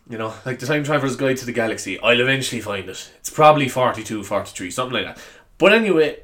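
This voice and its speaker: A young adult podcast host with an Irish accent rambles through a solo chat, poking fun at herself, apologizing, and giggling often. Her voice sits at a medium pitch with a slightly bright edge.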